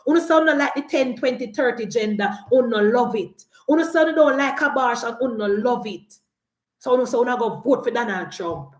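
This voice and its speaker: A Jamaican woman with a slightly high voice gives an animated, scolding political rant. She mocks the people she is talking to and draws out her points. Her voice rings in an echoey room. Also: fairly quick. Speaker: political commentator.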